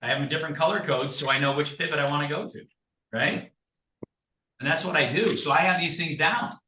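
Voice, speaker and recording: A man giving an emphatic, animated coaching talk as a guest, acting out sample conversations. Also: a little high, brisk, a little hiss or hum. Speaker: guest speaker, recruiting coach. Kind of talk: energetic coaching talk on a video call. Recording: echoey room.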